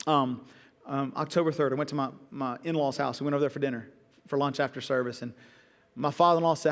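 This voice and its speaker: A middle-aged man, a pastor telling stories in a sermon, lively and joking at his own expense. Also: mid-range voice, fast talker, in a large hall. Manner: lively storytelling with self-deprecating jokes. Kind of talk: sermon storytelling. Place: church auditorium.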